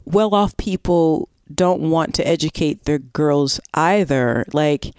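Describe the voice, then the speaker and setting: A woman's voice: low-pitched, slow pace, darkish tone, clear, resonant tone, no room sound, clean studio sound. A woman co-hosting a podcast, chatting and joking with her partner. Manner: joking and teasing. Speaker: podcast co-host. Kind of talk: casual chat.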